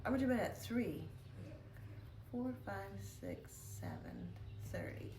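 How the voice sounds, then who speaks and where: A woman's voice: a little high, wildly swooping pitch, slow pace, warm tone, echoey room, recorded from a distance. Tired woman streamer, loose casual chat with pet baby talk; faint background noise. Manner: sleepy, talks baby talk to her pet. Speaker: live streamer.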